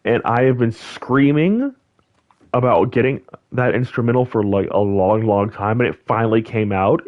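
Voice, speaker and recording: A young man chats casually while he plays a building game, rambling from topic to topic with plenty of fillers and false starts. His voice sits in the middle of the male range. The lo-fi microphone gives it a slightly dull sound. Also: medium pitch. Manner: rambling, animated, lots of fillers and restarts. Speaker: gaming channel host. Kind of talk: casual chat over gameplay.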